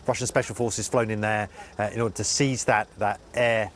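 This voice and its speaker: Halting male war correspondent, low voice. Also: steady tone, a little hiss or hum. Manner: earnest, halting, many restarts. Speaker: senior international correspondent. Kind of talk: live news interview report.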